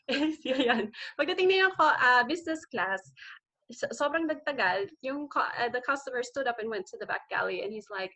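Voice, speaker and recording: Bright-voiced chatty woman. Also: a little high, animated, fairly quick. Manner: chatty, laughs often, mixes English and Filipino. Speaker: flight attendant panelist. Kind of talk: casual conference Q and A.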